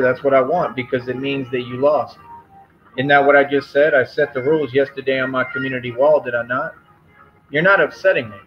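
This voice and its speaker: A man's voice: mid-range voice, highs cut off. Firm, confrontational man on a stream. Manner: confrontational, firm and repetitive, lecturing. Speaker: livestream host. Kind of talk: live stream rant to chat.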